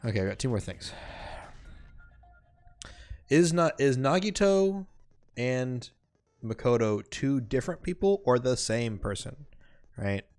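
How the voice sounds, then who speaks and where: A man's voice: medium pitch, very animated, measured pace, long pauses, a little mellow, faint music behind. A man streaming a game live, reading the game's text aloud and chatting casually between lines with lots of fillers. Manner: casual, rambling, many fillers.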